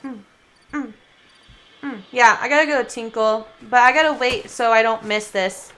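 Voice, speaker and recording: Bubbly high-voiced woman streamer. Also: moderate pace, bright, forceful tone. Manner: chatty, giggly, coos baby talk at her cat. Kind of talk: casual gaming livestream chat.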